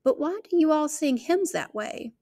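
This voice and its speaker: Curious young girl, played by a woman reader, voice raised high and eager. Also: animated, moderate pace, warm tone. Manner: inquisitive, eager.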